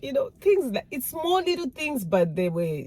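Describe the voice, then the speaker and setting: A woman's voice: sits high, very animated, moderate pace, darkish tone, poor audio. A woman vlogger telling stories about learning to speak the way people do in her new country, acting out little dialogues and laughing as she goes. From outside the US. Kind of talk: casual storytelling to camera.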